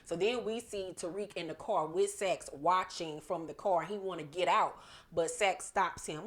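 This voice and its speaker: Speaking at a normal speed, this female TV episode reviewer has a fairly low, slightly bright voice. Her recap is casual, chatty, and full of swearing, and she performs the characters' dialogue as she goes.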